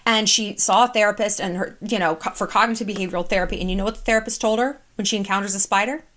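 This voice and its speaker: A woman's voice: medium pitch, racing, fairly bright tone. A woman in her thirties giving casual advice straight to camera, candid and chatty, swearing freely. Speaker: vlogger.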